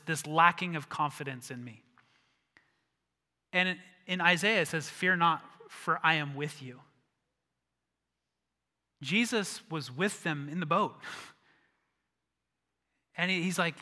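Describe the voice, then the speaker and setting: Animated high-voiced preaching man. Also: measured pace, pauses often. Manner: animated storytelling, acts out disciples, drops to a hush for emphasis. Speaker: pastor. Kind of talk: sermon. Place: church sanctuary. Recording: church hall reverb.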